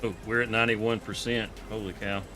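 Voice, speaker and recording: A man with a Southern Georgia accent, hosting a farming game live stream in a relaxed, rambling way with chuckles. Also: on the low side, brisk, over music. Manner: laid-back, chuckling, rambling with fillers. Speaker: streamer host. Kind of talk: casual live-stream gaming chat.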